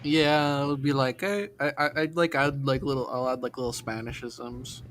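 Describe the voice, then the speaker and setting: A man's voice: mid-range voice, flat delivery, normal speed, fairly bright tone, slight background noise. A man co-hosting a stream, chatting casually, rambling with lots of fillers and restarts. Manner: rambling, many likes and restarts. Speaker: stream co-host. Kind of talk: casual chat.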